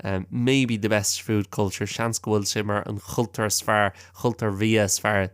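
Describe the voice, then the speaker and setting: A man from Galway with an Irish accent, hosting a language-learning podcast, chatting casually and restating each point slowly a second time. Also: on the low side, level tone, clean tone, no room sound, studio quality. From Galway, Ireland. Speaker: podcast host and language teacher. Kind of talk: casual teaching chat, reading listener mail.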